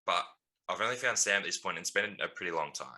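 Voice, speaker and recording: A man's voice: low voice, animated, quick pace, pushed and bright. A man co-hosting a podcast, telling a story in casual chat with lots of ums and laughs. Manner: rambling, laughing, full of ums. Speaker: podcast co-host.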